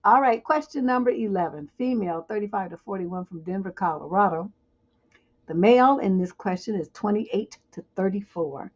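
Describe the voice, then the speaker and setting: A woman's voice: mid-range voice, animated, normal speed, dull audio. A woman hosting a livestream advice show, reading viewer questions aloud and answering them with blunt, joking frankness. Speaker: relationship advice host.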